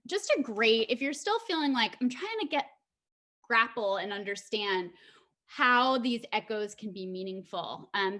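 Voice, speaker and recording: A woman's voice: medium pitch, fairly bright tone. A woman giving an online presentation in a conversational way, with many filler ums.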